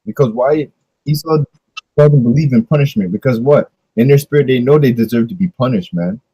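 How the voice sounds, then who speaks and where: Man, discussion leader, casual preachy delivery with rhetorical questions, mellow husky tone. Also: mid-range voice, fairly quick, dry recording, rough recording.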